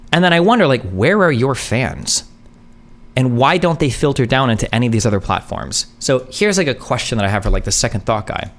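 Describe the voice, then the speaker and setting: A man in his thirties hosts a live stream, his voice rising and falling in lively swings as he reacts to clips. He is blunt, sarcastic and swears freely. When he explains something, he walks through it point by point and checks in with the audience. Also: medium pitch. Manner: explains step by step, checking in with "okay?". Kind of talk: casual live-stream commentary.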